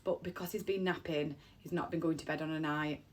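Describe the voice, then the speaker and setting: A mother of three, emotional and nearly in tears, shares something personal. Her low voice stays steady and moves a little fast, and she rambles earnestly, repeating the same phrases.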